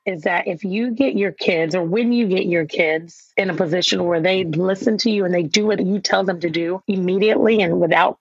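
A woman author being interviewed about raising kids, telling lively stories and acting out the voices of herself and her children. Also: medium pitch, gravelly, husky, dry recording. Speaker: author and guest. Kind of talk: conversational interview. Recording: dull, dry sound.

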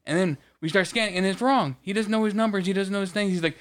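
A man's voice: sits high, racing, clear, resonant tone. A man co-hosting a casual podcast, telling a work story with lots of swearing. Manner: profane, animated storytelling. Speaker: podcast co-host. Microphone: studio podcast mic.

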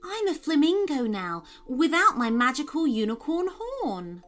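A woman playing a calm, cautious unicorn. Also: sits high, soft background music, pitched above the performer's own voice. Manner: calm, questioning, measured. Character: gentle, cautious female unicorn.

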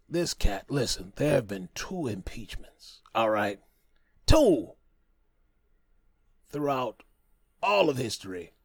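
A man hosts his podcast in a loose, meandering monologue, swearing and joking as he goes. His voice sits low. The recording is dry and close, with no room sound. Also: no echo. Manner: rambling, profane and joking, many fillers and restarts. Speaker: podcast host.

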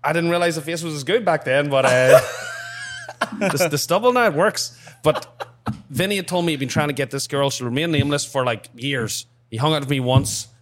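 A young man co-hosting a podcast in a bar, telling animated stories with swearing. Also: a little high, fairly quick. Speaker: podcast co-host. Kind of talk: storytelling chat.

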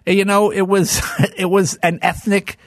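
A man as an interview guest, telling childhood stories in an animated way and acting out the people in them. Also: high voice, a little slow, dry recording, clean studio sound. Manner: animated storyteller who acts out voices. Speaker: guest comedian. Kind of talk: storytelling interview.

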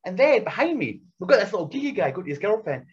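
A man, a podcast guest, telling loud, excitable stories full of swearing and acted-out quotes. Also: high voice, fast, husky. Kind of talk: animated storytelling. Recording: dull lo-fi podcast audio.

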